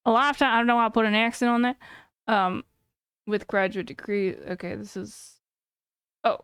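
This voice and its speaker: A woman's voice: mid-range voice, steady tone, fairly quick, creaky, fairly bright tone, clean tone, dry recording, studio quality. A woman in her thirties reacting on a live stream, thinking aloud in a chatty way with many fillers and self-corrections. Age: 30s. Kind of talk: casual live-stream commentary.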